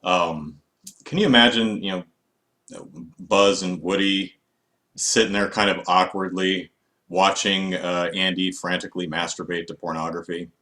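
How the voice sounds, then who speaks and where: A man's voice: sits low, fairly even intonation, measured pace, sharp tone. A man chatting casually on a live stream, rambling and wry with many fillers. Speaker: vlogger.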